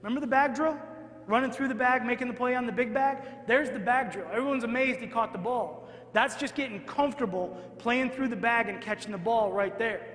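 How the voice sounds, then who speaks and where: A man with a high, bright voice gives an energetic coaching clinic talk and keeps checking in with his audience. The sound is roomy, with a long hall reverb trailing each phrase. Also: brisk. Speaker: football coach presenting at a clinic. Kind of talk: coaching clinic talk over game film. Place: large hall in front of an audience.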